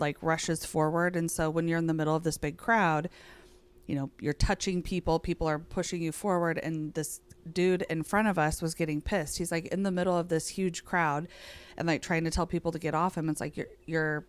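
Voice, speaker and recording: Female co-host, lower register, casual anecdotal delivery. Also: clean tone. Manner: storytelling, laughs often. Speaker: podcast co-host. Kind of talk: casual chat.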